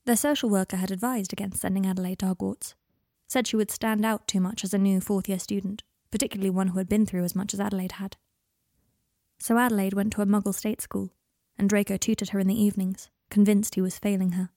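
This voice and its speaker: A woman narrating a story in a calm, measured reading voice. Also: medium pitch, dry recording, clean studio sound. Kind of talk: audiobook narration of fan fiction.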